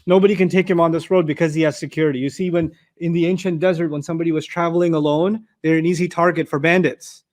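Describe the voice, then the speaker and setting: Casting: male Quran teacher, high voice, relaxed chatty lecture style, quick Arabic quotes. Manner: conversational, explains with everyday examples and repeated restarts; recites Arabic verses quickly. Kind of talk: tafsir lecture.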